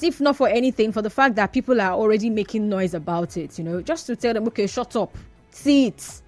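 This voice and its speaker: A Nigerian woman hosting a radio phone-in, brisk and firm, arguing back at callers. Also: medium pitch. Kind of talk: call-in radio talk.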